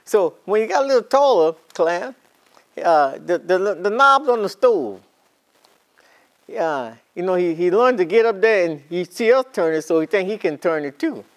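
A man's voice: sits high, lively intonation, moderate pace. Older man preaching folksy Bible lesson. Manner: folksy, repeats and restarts phrases, builds to emphatic preaching. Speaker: Bible class teacher. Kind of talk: storytelling sermon.

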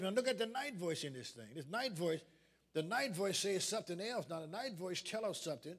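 High-voiced preaching man. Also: lively intonation, fairly quick, vocal fry, fairly bright tone, husky. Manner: preaching with call-and-response questions to the congregation. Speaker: pastor. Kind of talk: sermon. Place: church sanctuary.

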